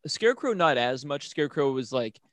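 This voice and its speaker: A man's voice: a little high, very animated, a little fast, fairly bright tone, no echo. A man in casual chat who talks hesitantly and repeats himself as he gets going.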